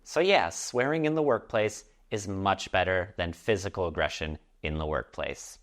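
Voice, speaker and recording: A man with a low voice teaches English vocabulary from an article. He talks clearly and patiently, giving an example sentence for each word. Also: moderate pace.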